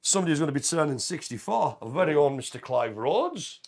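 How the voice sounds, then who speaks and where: A man's voice: fairly high pitch, very animated, quick pace, a crowd in the background. A man co-hosting a live community show, chatting in a jokey, easygoing way. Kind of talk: casual live chat.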